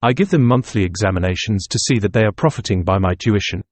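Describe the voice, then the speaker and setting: Guy voicing a fussy tittering student, pompous and pedantic, low husky voice. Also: quick pace, no echo, lightly acted. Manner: mannered, precise, pedantic phrasing. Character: nervous, tittering squat male student, pompous.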